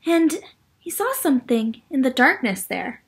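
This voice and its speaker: Lady reading a picture book to kids real slow, asks them stuff, creaky husky voice. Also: high voice, very animated. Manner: gentle, asks listening children questions. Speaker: children's story reader. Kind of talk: read-aloud storytime for children.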